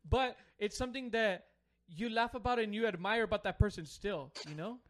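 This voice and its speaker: High-voiced young man rambling casually. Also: moderate pace, fairly bright tone. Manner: rambling, heavy with fillers like "you know". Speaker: podcast co-host. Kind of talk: casual chat among friends.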